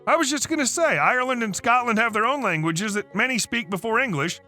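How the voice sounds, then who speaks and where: A man narrating a story aloud in a lively, chatty way. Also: very high-pitched, fairly quick, faint music behind.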